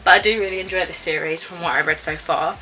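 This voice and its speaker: A woman's voice: fairly low pitch, fairly even intonation, fast, sharp tone, a little hiss or hum, poor audio. A young British woman chatting casually in a vlog, rambling with frequent ums and self-corrections. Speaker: book vlogger.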